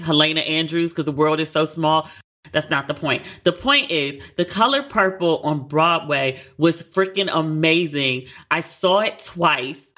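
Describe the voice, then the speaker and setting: A woman co-hosting a casual pop-culture chat show, animated and chatty, often acting out her own reactions in high tones. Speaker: podcast co-host.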